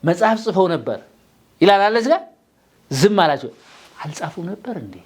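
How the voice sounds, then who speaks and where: A man's voice: sits high, big pitch swings, rapid-fire, a little mellow, husky. A man teaching an English grammar lesson in a classroom, quizzing his students and mixing English with Amharic.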